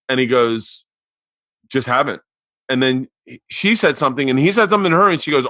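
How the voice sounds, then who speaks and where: A man's voice: medium pitch, fast talker, no room sound. A man hosting a podcast in casual chat, telling stories animatedly and acting out the quoted lines. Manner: animated storyteller, acts out quotes and jumps to near-yelling. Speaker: podcast host.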